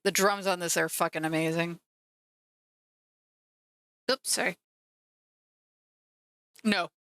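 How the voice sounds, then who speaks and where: A woman streamer chats playfully while she paints at home, her voice bright and crisp. The sound is close and dry, with no room around it. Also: fairly low pitch, steady tone, slow pace, no echo. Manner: chatty and playful, teasing her cat. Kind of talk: casual live-stream chat.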